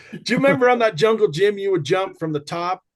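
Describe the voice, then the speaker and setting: A man's voice: high-pitched, normal speed. A man in his fifties, a podcast guest, telling school-days stories in casual chat and laughing as he goes. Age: 50s. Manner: animated, laughing anecdotes.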